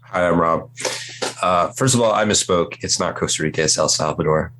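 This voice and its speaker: A man with a deep voice hosting a podcast, joking and teasing his co-hosts in casual banter. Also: fairly quick, a bit bright, a little hiss or hum. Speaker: podcast host.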